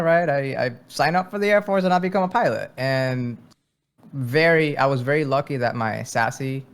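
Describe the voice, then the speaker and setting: A man from Venezuela who served in the military appears as a guest on a podcast in a casual interview. Speaking in a mid-range voice, he talks in a halting, thoughtful way with frequent fillers.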